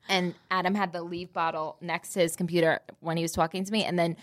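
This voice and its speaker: A woman's voice: on the low side, flat delivery, brisk, dry recording. A woman co-hosting a casual podcast, gossipy and laughing often, swearing freely. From Texas. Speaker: podcast co-host. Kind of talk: casual chat and ad reads.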